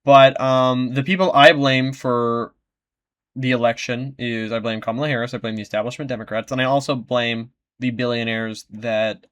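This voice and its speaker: Give me a young American man co-hosting a political podcast, talking casually with lots of ums and swearing. His voice is bright and forward, at an ordinary pitch. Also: steady tone, normal speed. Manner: rambling, profane, full of ums. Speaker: podcast co-host.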